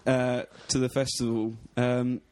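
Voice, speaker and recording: A man's voice: mid-range voice, level tone, measured pace, darkish tone, slight background noise. A man telling an anecdote on a casual podcast, swearing freely and laughing as he goes. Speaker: podcast co-host. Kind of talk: casual storytelling chat. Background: faint music.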